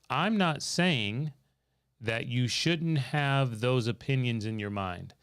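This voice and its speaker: Animated yet slow-paced, a man of medium pitch hosts a live financial Q&A from a studio. He tells a story, reads chat comments from viewers, and quizzes his co-host during the livestream.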